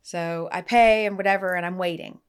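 A woman hosting a casual podcast, telling stories with lively energy and acting out the people in them. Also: fairly low pitch, normal speed, clear, resonant tone. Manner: animated storyteller, voices the people in her stories. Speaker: podcast host.

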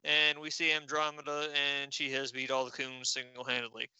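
A man's voice: mid-range voice, monotone, moderate pace, sharp tone, clean tone, low-quality recording. A man co-hosting a podcast, animatedly retelling a comic book's story. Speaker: podcast co-host. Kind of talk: comic recap.

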